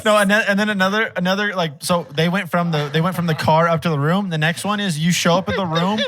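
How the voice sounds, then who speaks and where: A man's voice: high voice, quick pace, a bit bright. A man rambling through stories as a podcast co-host in casual chat.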